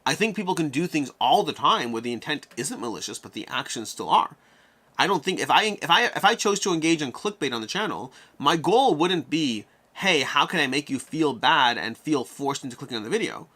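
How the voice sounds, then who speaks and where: Male streamer-host, a touch high-pitched, rapid and animated, casual Q&A delivery. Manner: animated, talks things through out loud. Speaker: host answering viewer questions. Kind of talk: live-stream Q&A chat.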